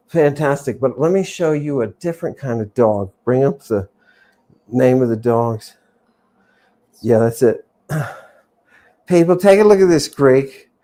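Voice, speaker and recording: A woman hosting a livestreamed lecture to her chat audience, theatrical and repeating key words for emphasis, swinging between loud exclamations and quiet asides. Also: a bass voice, expressive, a little slow. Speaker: host.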